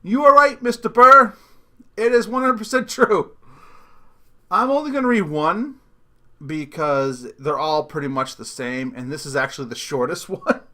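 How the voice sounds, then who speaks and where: A man's voice: on the high side, moderate pace, a bit bright. A middle-aged man hosting a comedic solo podcast rant, sarcastic and mocking, breaking into laughter often. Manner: laughs often between sentences. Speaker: podcast host.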